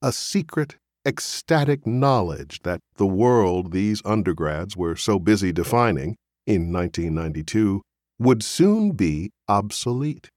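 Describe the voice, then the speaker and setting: A male audiobook narrator reading literary fiction in a measured, expressive way. His voice sits fairly low and moves with lively rises and falls in pitch, and his pace is slow and deliberate. The sound is close and dry, with no room echo.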